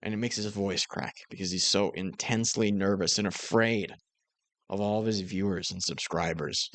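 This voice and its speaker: A man's voice: sits low, steady tone, normal speed, a bit bright, no room sound. A man giving casual, mocking commentary on another creator's video. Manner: sarcastic, mocking. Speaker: commentary YouTuber.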